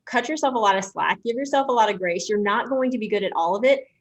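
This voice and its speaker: A woman's voice: medium pitch, fast. A middle-aged woman talks casually as a podcast co-host. She tells stories in an easy, rambling way, sprinkling in "you know" and "like". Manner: chatty storyteller, frequent "you know". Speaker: podcast co-host, dental hygienist. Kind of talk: casual chat.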